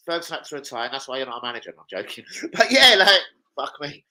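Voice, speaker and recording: A man's voice: mid-range voice, fast talker, poor audio. A young man ranting casually about football as a fan channel host, swearing a lot and slipping into impressions of people. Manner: animated, sweary, slangy, mimics people.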